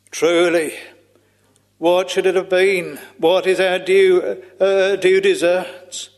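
A man's voice: fairly high pitch, big-room sound. A man preaching a solemn sermon, drawing out his phrases and sighing "ah" between them in old-fashioned scriptural language. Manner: slow, solemn, drawn-out preaching with frequent sighing "ah"s.

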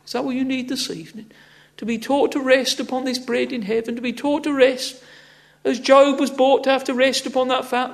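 A man delivers a sermon in a very high voice with a gravelly edge. He presses his listeners earnestly and keeps returning to "ah, friends" and "oh" as he exhorts them. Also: steady tone, fairly quick. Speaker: preacher.

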